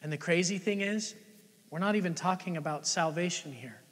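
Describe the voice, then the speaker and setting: A man preaching a sermon as pastor, shifting between loud, emphatic lines and hushed, near-whispered ones, with lots of rhetorical questions to the congregation. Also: high voice, fairly quick. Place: church sanctuary. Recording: long church-hall reverb.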